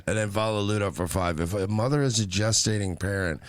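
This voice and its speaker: A man co-hosting a casual podcast, throwing in dry, deadpan jokes. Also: fairly low pitch, brisk, clean tone. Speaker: podcast co-host. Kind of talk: casual chat.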